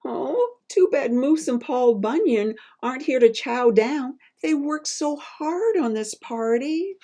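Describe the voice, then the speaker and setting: A woman author reading her picture book aloud to children, animated, with call-and-response and chatty teacherly asides. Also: high voice, slow.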